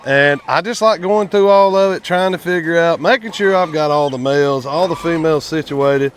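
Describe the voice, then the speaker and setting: A man's voice: fairly high pitch, moderate pace, a little hiss or hum. A man, chatting casually to viewers in a vlog while working outdoors at his quail pens, folksy and talkative. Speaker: quail farmer and channel host.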